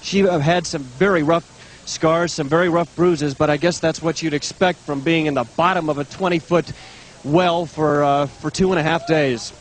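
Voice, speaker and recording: A man's voice: fairly high pitch, fairly even intonation. Hesitant man in a news commentary. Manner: hesitant, halting remarks.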